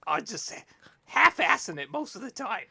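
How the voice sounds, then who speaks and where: Bright, animated woman bantering playfully. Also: on the high side, moderate pace, creaky, husky, dry recording. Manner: dry playful banter, wordplay. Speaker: stream guest. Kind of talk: casual livestream chat.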